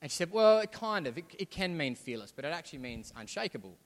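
Male pastor, conversational sermon that swells to emphasis, a touch high, long hall reverb. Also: sing-song, quick pace. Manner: conversational preaching, rising to emphatic. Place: church hall.

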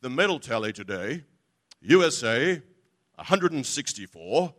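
Proclaiming male TV sports announcer, as a preacher puts him on, loud and bright-toned. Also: mid-range voice, big pitch swings, measured pace, voice pushed down. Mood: boastful. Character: excitable male TV sports announcer reading medal tallies.

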